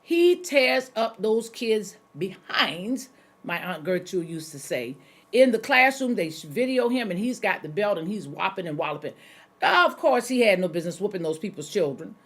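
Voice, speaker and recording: A middle-aged woman pastor delivers a conversational sermon in a folksy, direct way. She keeps coming back to her key phrases and talks to her listeners as if they sat beside her, her voice sitting at an ordinary middle pitch. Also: sing-song, normal speed, husky.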